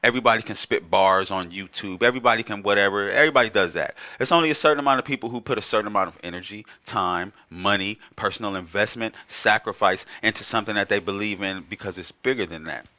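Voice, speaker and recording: Man, 40s, guest musician, quick bright delivery, emphatic and reflective. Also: fairly low pitch. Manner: reflective, emphatic, restarts words. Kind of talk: casual conversation.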